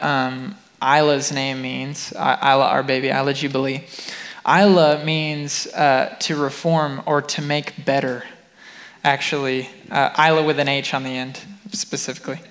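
A young man sharing a personal faith testimony alongside his wife, earnest and lively when he quotes himself. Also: mid-range voice, moderate pace, long reverb tail.

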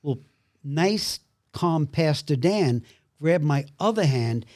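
A man from Brooklyn, a podcast guest telling a story in a lively way and acting out the other people's voices. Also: a little high, takes it slowly, no echo, studio quality. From Brooklyn, New York. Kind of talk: storytelling conversation.

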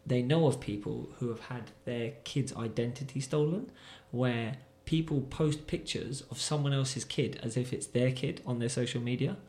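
A man's voice: medium pitch, moderate pace, few pauses, darkish tone. A man chatting casually as a podcast co-host, telling stories animatedly with many fillers. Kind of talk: casual chat. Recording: roomy echo.

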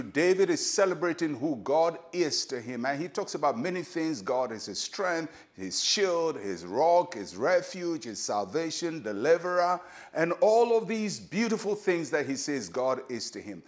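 An older man with a Ghanaian accent, a pastor giving a short devotional sermon in a measured, emphatic way that slows for key lines. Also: a little high, big pitch swings.

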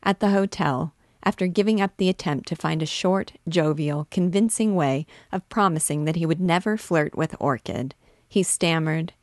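Low-voiced woman reading a novel aloud. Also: moderate pace, darkish tone, no echo, studio quality. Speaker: literature teacher reading aloud. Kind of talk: audiobook narration.

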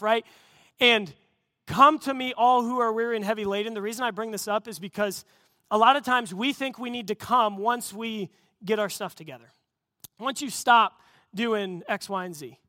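A male pastor preaching a sermon, telling a story with earnest storytelling and rising to excited emphasis. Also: high-pitched, moderate pace, dry recording, clean studio sound.

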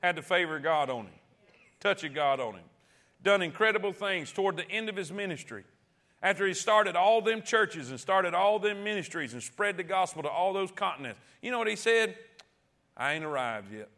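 A man's voice: high voice, lively intonation, fairly quick, pushed and bright. A man preaching a sermon as pastor, calling out to the congregation and repeating key phrases.

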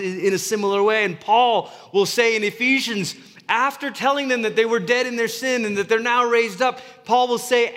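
A man's voice: high-pitched, a bit bright. A man preaching a sermon as a pastor, earnest and conversational, often restarting his words. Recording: reverberant hall.

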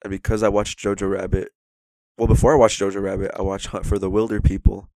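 With a fairly low, warm voice and flat, quick delivery, a young man chats casually about movies as a podcast co-host, with no echo. He's enthusiastic and rambling, slipping into put-on voices to quote scenes.

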